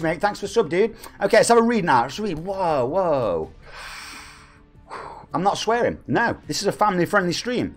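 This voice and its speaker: Lively hyped English streamer man. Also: high voice. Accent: East Midlands English. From England. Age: 40s. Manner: hyped, chatty, thanks viewers at length. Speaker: game streamer host. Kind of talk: live stream chat reading donations. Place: home room.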